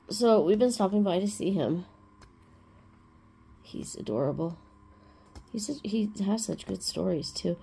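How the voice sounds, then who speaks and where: A woman's voice: medium pitch, animated, unhurried, vocal fry, pauses often, mellow, slightly rough. A woman hosting a crafting vlog, chatting casually and rambling through everyday stories. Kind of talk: casual chat.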